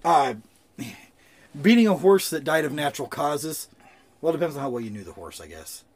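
A man's voice: fairly high pitch, lively intonation, fairly quick, husky. A man co-hosting a podcast, telling loose, jokey stories in casual chat and swearing freely. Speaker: podcast co-host.

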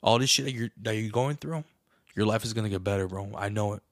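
A young man casually telling a long story on a podcast, animated and profane, calling everyone bro. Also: lowish voice, fast talker, no room sound, clean studio sound. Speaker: podcast co-host.

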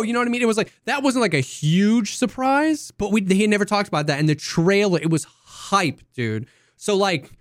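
Guy cohosting a gaming podcast, kinda high voice, animated and loose, says dude a lot, dry mic. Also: normal speed, no room sound. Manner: animated, loose, says "dude" and "you know what I mean". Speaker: podcast co-host. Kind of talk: casual gaming chat.

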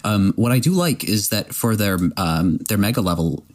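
A man's voice: on the low side, lively intonation, moderate pace. A man hosting a casual podcast discussion, rambling with plenty of fillers and restarts.

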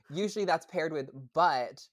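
A young adult woman, a podcast guest, chatting casually with lots of fillers and restarts. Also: very deep voice. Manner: hesitant, many fillers and restarts. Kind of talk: casual interview chat.

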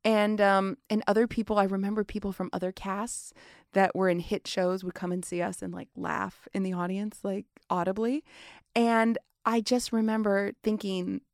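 A woman in her forties tells stories as a guest in a casual interview, chatty and full of fillers. Her voice sits at an ordinary pitch. The sound is close and dry. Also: level tone, normal speed, dry recording. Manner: chatty storyteller, many fillers. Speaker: guest, stage actress.

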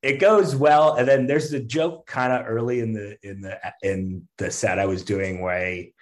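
A man's voice: on the low side, normal speed. A man telling a story in casual chat, full of fillers and restarts, laughing often and acting out what people said. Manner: animated storyteller, acts out quotes, laughs often. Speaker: stand-up comedian guest.

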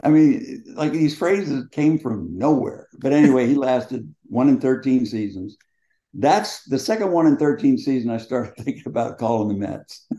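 A man's voice: medium pitch, animated, normal speed, dark tone. A man in his seventies, a former quarterback, telling colorful, salty anecdotes as the guest in an interview. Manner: colorful, profane, laughing anecdotes. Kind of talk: storytelling in casual conversation. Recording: dull lo-fi sound.

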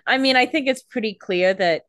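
A woman's voice: fairly high pitch, a little fast, a bit bright, no echo, clean studio sound. A woman co-hosting a casual podcast, chiming in with quips and mock quotes. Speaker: podcast co-host. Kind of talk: casual chat.

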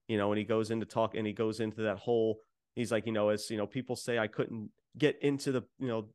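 A man's voice: lowish voice, level tone, quick pace, a little mellow, dry recording, studio quality. A man on a podcast casually recapping a wrestling show, rambling with many fillers and acting out what was said. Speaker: podcast co-host.

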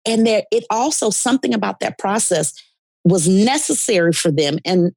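A woman's voice: medium pitch, moderate pace, gravelly, darkish tone, dry recording. A woman guest earnestly telling stories and explaining her spiritual beliefs with conviction in a podcast conversation. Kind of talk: storytelling conversation.

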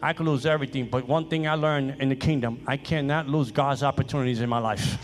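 A man preaching a sermon, repeating phrases with emphasis and moving between loud exhortation and quiet personal stories. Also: medium pitch, fairly even intonation, fast talker, background noise.

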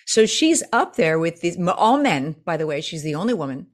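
Woman, coach, lively storyteller; jumps high when quoting others, conversational interview. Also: fairly quick. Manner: animated storyteller, acts out quotes with big pitch jumps. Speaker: presentation coach, guest. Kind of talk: casual interview chat.

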